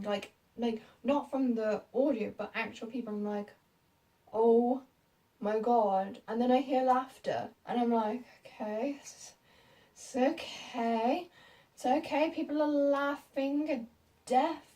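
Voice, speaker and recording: A woman's voice: on the high side, dark tone, distant mic, rough recording. A British young woman in her late teens, telling a story to camera in a rambling, giggly, self-mocking way. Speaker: vlogger.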